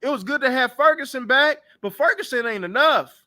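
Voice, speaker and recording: A man's voice: extremely high pitch, animated, a little fast, sharp tone. A young man hosting a sports talk show, ranting casually and bluntly about his team and trash-talking its players. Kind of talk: casual sports reaction rant.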